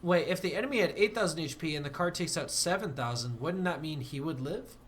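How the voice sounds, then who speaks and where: A man's voice: a little high, lively intonation, fairly quick, a little hiss or hum. A man streaming a game, chatting casually and rambling, self-deprecating, with bursts of mock outrage. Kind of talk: casual game livestream commentary.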